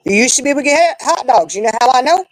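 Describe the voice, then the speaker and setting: A woman, telling stories in a relaxed chat among friends. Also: racing, dry recording, rough recording. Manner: chatty storyteller, animated with big swings in pitch. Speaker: co-host. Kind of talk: casual chat.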